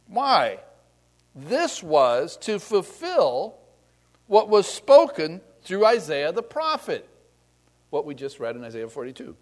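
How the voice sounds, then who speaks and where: High, lively-voiced male preacher. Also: moderate pace. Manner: conversational, acts out scripture scenes in voices. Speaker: pastor. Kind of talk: sermon.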